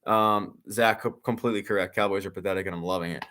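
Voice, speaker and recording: A man's voice: sits low, quick pace, a little hiss or hum. A young man casually chatting and reacting during a live sports watch-along, rambling with lots of fillers and the odd curse. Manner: rambling, filler-heavy, excitable sports fan, swears. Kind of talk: casual live commentary and chat.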